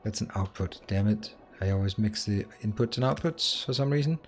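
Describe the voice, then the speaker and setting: A man's voice: on the low side, expressive, fairly quick, faint music behind. A game streamer talking to himself while he plays, muttering and breaking into exasperated outbursts, with a Danish accent. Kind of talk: live gameplay commentary.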